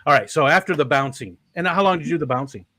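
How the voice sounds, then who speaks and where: A man's voice: on the high side, fast, sharp tone, no room sound, studio quality. A man hosting a casual interview stream, rambling and chuckling as he talks. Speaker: stream host.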